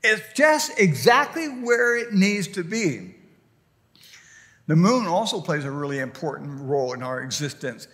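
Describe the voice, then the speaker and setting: A man's voice: a little high, sing-song, unhurried, a bit bright. An older male pastor preaching a sermon in a church, rambling and folksy, with plenty of fillers and restarts. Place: church sanctuary. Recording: long hall reverb.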